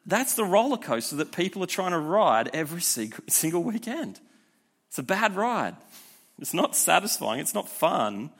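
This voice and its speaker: A young man giving a youth sermon in a conversational, energetic way, with frequent rhetorical asides. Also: fairly high pitch. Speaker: youth pastor.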